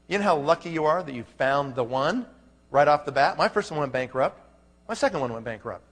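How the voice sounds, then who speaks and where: A man's voice: on the high side, lively intonation, a little fast, fairly bright tone. Folksy male motivational speaker in a hall. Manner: folksy, punchy, asks the crowd rhetorical questions. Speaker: network marketing leader. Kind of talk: motivational speech to a live audience. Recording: long hall reverb.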